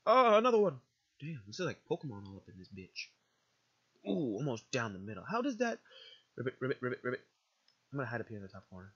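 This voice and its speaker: A man's voice: mid-range voice, huge pitch swings, quick pace, pauses often, a bit bright, breathy edge, muffled recording. A man giving casual, jokey, profane commentary while playing a video game. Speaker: let's play gamer.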